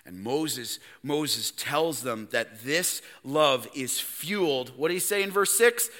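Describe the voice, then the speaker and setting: A male pastor with a Canadian accent preaching a sermon in a church, emphatic and swinging from loud to hushed. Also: medium pitch, slow, in a large hall. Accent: Canadian English. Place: church sanctuary.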